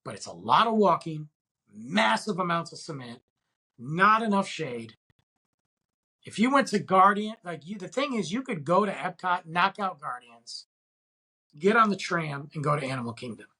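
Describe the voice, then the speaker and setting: A man's voice: high-pitched, big pitch swings, moderate pace, sharp tone, breathy edge. A man hosting a podcast, talking in a casual, rambling and enthusiastic way full of slang. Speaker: podcast host.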